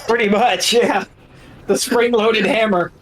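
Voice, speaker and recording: Stream co-host, mid-pitch voice, dry terse quips, casual chat. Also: steady tone, a little slow, slight background noise, rough recording.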